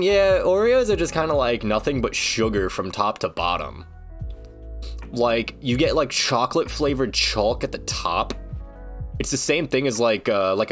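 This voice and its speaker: A man's voice: on the low side, a bit bright. A man streaming, ranting casually in a rambling, joking, foul-mouthed way. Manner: rambling, profane, joking rants.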